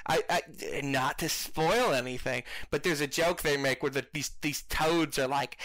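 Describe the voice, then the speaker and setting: Bright-voiced, profane man ranting about movies. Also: on the high side, a little slow, hardly any pauses, no echo. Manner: profane, rambling, self-mocking, with stammered restarts. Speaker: podcast co-host. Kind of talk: casual movie review chat.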